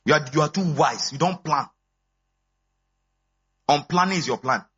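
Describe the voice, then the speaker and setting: A man, preaching a sermon as pastor, animated and swinging between low asides and high exclamations. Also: moderate pace, breathy edge, highs cut off. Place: church.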